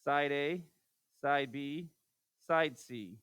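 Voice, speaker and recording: A male math teacher lectures through a recorded lesson, his slightly higher voice bouncing between quick mutters and raised, exasperated questions. The sound is close and dry, with no room around it. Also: clean tone, no room sound. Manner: animated, rhetorical questions to students, exasperated asides.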